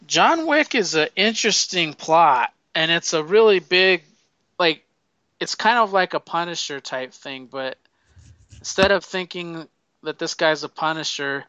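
A man's voice: on the high side, bright, forceful tone, clear, resonant tone, no room sound, dull audio. A man in casual chat, rambling through movie plots with lots of swearing and acted-out quotes. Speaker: movie fan recommending films.

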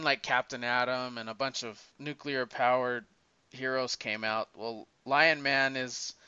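A man in casual chat, retelling a comic story in a rambling, animated way, with many restarts. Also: medium pitch, clear, resonant tone, no echo. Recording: dull lo-fi recording.

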